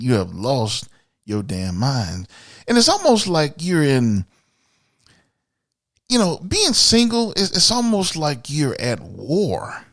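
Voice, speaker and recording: A man's voice: medium pitch, dry recording, clean studio sound. A man from Miami hosting a podcast, ranting bluntly and profanely in an opinionated solo monologue. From Miami, USA. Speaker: podcast host.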